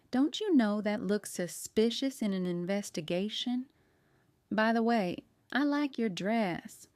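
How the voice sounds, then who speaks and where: A woman voicing a calm, firm woman detective in an audiobook, speaking in a measured, pointed way. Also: medium pitch, no room sound, clean studio sound, close to an everyday voice. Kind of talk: audiobook character reading.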